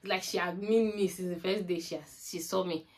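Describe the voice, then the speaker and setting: A woman's voice: on the low side, a little fast. A woman from Nigeria with a Nigerian accent, telling a personal story in a storytime vlog and acting out the dialogue. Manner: animated storytelling that acts out remembered dialogue. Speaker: vlogger.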